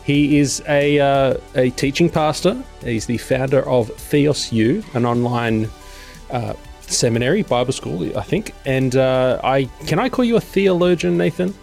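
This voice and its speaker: A man's voice: mid-range voice, unhurried, vocal fry, darkish tone, soft background music. A man hosting an interview, introducing his guest and asking rambling, friendly questions with many fillers. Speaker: interview host. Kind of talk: conversational interview.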